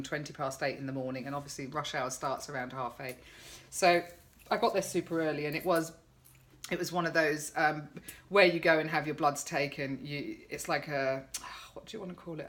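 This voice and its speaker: A woman's voice: deep voice, fairly bright tone. A middle-aged woman vlogging in a chatty, sarcastic way, telling her followers about her day. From England. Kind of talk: casual chat to camera.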